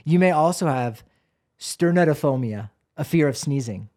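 A man co-hosting a casual podcast with a relaxed, joking delivery. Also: a little high, moderate pace. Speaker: host. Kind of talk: casual chat.

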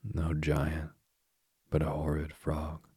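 A man voicing a frightened, reluctant young princess in a soft, even storybook reading. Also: a bass voice, slow pace, husky, no room sound, studio quality, full character voice. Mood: uneasy.

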